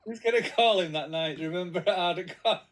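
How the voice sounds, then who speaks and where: A man's voice: sits high, a little fast. A man co-hosting a live stream in casual, teasing banter. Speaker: livestream co-host.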